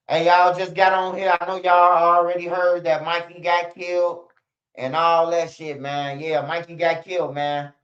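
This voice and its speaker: A man talks straight to his livestream audience, rambling loosely and swearing as he goes. His voice sits a little high for a man. The stream audio is slightly dull and lo-fi. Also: level tone, normal speed, fairly bright tone. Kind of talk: casual livestream commentary. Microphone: streaming setup.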